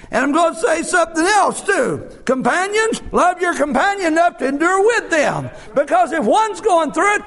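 A man preaching a sermon, shouting his points with drawn-out "uh" fillers, then dropping to soft, low asides. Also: huge pitch swings, vocal fry.

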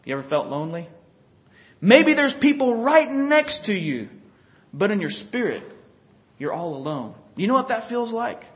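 Animated high-voiced preacher, lo-fi sound. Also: male voice, normal speed. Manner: folksy, conversational, often chuckles. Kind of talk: sermon.

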